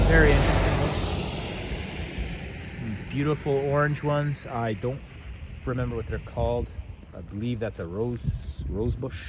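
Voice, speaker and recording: A man filming a road-trip travel vlog, joking around and tossing off quick quips and exclamations. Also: mid-range voice. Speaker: travel vlogger. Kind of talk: casual travel vlog chat. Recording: outdoor recording with clear background noise.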